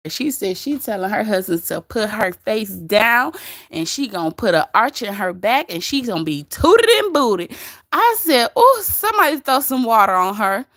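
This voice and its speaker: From her bed, a woman hosts a livestream, chatting casually with her live chat, laughing often and quoting others. Her voice is a little high, fairly bright, with big pitch swings at a moderate pace, in a dry, studio-quality recording.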